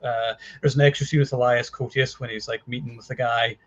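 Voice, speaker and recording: Male co-host, fast, wry deadpan delivery, lo-fi dull audio. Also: mid-range voice. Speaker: podcast co-host. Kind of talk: casual movie discussion.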